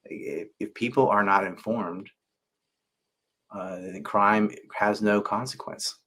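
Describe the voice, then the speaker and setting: A man with a low voice, talking in a loose, animated way during a podcast conversation. He laughs easily while he tells stories and jokes. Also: takes it slowly. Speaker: podcast host. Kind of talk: casual conversation.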